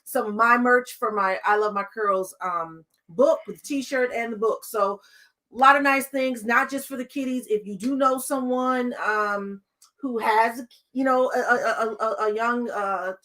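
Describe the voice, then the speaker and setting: A woman co-hosting a podcast, chatting casually in a supportive, halting way with many fillers. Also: a little high, pushed and bright. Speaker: podcast co-host and business owner.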